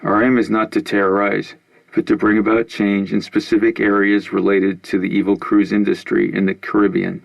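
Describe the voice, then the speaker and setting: A man reading out a female news anchor's broadcast of a militant group's statement, in a loud, formal, declaiming manner. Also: lowish voice, completely flat delivery, moderate pace, gravelly, poor audio. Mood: stern, formal.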